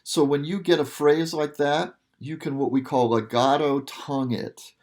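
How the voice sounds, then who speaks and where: A man's voice: on the high side, fairly even intonation, moderate pace, darkish tone. A male music teacher explaining a piece to students in a casual, patient way, often checking in with "okay". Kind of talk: instrument lesson talk.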